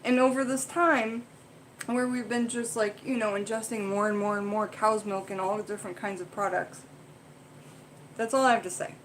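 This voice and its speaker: A woman's voice: medium pitch, fairly even intonation, normal speed, slight background noise, low-quality recording. A young adult woman hosting a casual livestream, chatting frankly in a rambling way and swearing now and then. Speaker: livestream host.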